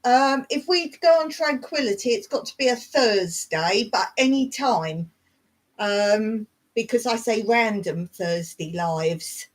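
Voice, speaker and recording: Taking it slowly in a fairly high voice, a middle-aged woman from England, Surrey accent, hosts a YouTube live chat. She reads comments from viewers and answers them rambling and chatty, laughing frequently and leaning on fillers.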